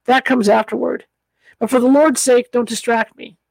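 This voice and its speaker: A woman's voice: a little high, steady tone, moderate pace, creaky, a little mellow, dry recording, rough recording. A woman reading an audiobook, voicing a broken, ragged old male adventurer who pleads and falters. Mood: desperate.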